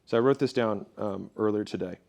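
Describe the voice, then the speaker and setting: A man's voice: lowish voice, a little fast, vocal fry, darkish tone. A man giving a motivational business talk in a punchy, storytelling way, speaking straight to his audience.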